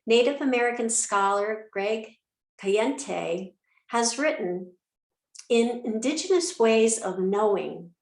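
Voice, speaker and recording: Woman yoga teacher, calm guided breathing, very slow delivery, echoey room. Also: on the high side, vocal fry. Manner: calm, unhurried, with soft pauses and fillers.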